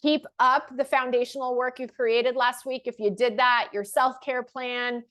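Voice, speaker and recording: Woman coaching slowly through affirmations. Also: fairly high pitch, steady tone, a bit bright. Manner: slow, emphatic repetition of affirmations; laughs and self-corrects casually. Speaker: life coach host. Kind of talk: motivational talk to camera.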